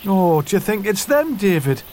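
A man's voice: sits high, big pitch swings, moderate pace, a little mellow, a little hiss or hum. A man voicing a fussy, dramatic farm wife with a put-on Newcastle accent in a radio soap parody sketch. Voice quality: exaggerated, theatrical.

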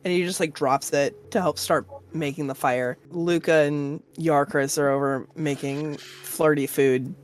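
A woman's voice: sits low, fairly even intonation, measured pace, hardly any pauses. A woman narrating a tabletop game as game master, chatty and full of fillers.

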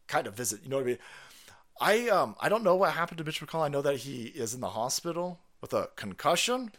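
A man's voice: fairly high pitch, big pitch swings, fast talker, fairly bright tone. A man hosting a casual livestream, reading viewer messages and answering them with profanity, laughter and rambling asides. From South Carolina.

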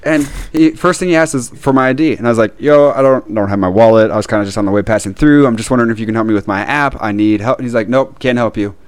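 Fast-talking ranting man. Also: medium pitch, dry recording. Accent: Midwestern American. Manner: animated, profane ranting with frequent laughs. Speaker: podcast co-host. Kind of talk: casual storytelling chat.

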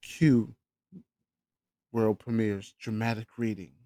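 A man's voice: lowish voice, little pitch movement, slow pace, mellow. A man co-hosting a podcast, trading casual banter and teasing his friend, laughing through his setups. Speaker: podcast co-host.

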